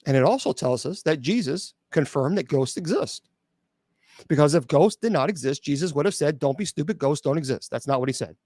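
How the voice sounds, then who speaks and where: A man's voice: fairly high pitch, lively intonation, a little fast, a little mellow, no echo. Blunt, sarcastic man with a dry close sound. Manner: blunt and sarcastic, mocking doubters in mimicked voices; many restarts and filler "uh". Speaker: radio show host and exorcist bishop. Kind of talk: live call-in show, answering chat questions.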